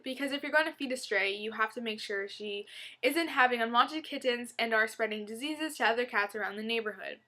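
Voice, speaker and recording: Woman reading a funny blog post out loud, bright sharp voice, kinda high. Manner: playful, loosely acted reading. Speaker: reader.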